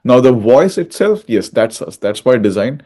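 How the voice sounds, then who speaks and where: A man's voice: mid-range voice, very animated, moderate pace, warm tone. A man, a tech executive guest, explaining in a matter-of-fact way. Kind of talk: interview answers.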